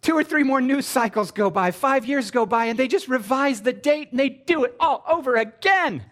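A man giving a comedic sermon to a live audience, animated and sarcastic, jumping between loud exclamations and mumbled asides. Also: very high voice, moderate pace.

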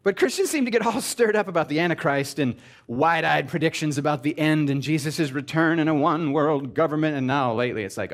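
A man giving a comedic sermon to a live audience, animated and sarcastic, jumping between loud exclamations and mumbled asides. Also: a little high, fast.

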